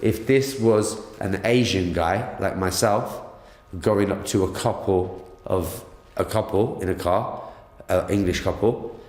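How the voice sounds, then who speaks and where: A man giving an emotional first-person account of an attack, halting with many stammered restarts, recorded in a hospital room. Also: sits low, darkish tone, reverberant. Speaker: interviewee, attack victim.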